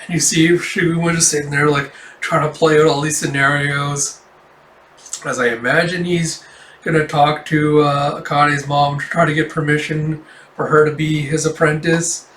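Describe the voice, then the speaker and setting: A man hosting a casual manga read-through, chatty and relaxed. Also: a little high, moderate pace, roomy sound, slight background noise. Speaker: host.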